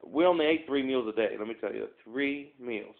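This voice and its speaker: A man's voice: mid-range voice, brisk, gravelly. A man telling a rambling, self-mocking story to his phone's front camera, full of fillers and asides. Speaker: vlogger. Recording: tinny phone-quality audio.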